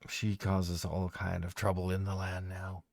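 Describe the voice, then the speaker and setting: A man's voice: low-pitched, monotone, a little slow, creaky, darkish tone, no echo. A man voicing friendly talking trees in a plain, friendly way.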